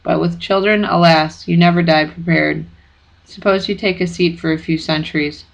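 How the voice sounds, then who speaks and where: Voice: medium pitch, steady tone, normal speed, dull audio, natural voice. A reader voicing a sly foreign-accented ferryman of the dead. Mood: cold greedy. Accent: odd British-tinged foreign accent. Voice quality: smooth, sweet and cold. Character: cold greedy ferryman of the dead, adult man.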